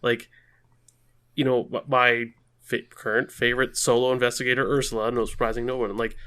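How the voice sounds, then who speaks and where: A man's voice: mid-range voice, level tone, a little fast, a bit bright, smooth. A man co-hosting a podcast, talking emphatically and with self-ironic asides. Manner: emphatic, self-ironic, stresses key words. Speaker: podcast co-host. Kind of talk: casual podcast chat.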